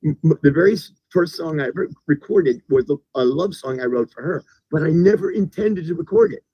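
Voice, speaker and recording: Guest, American man, husky and on the higher side, halting delivery with frequent restarts. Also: lively intonation, no echo. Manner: halting, repeats words as he starts sentences. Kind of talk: casual conversation. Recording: dull lo-fi recording.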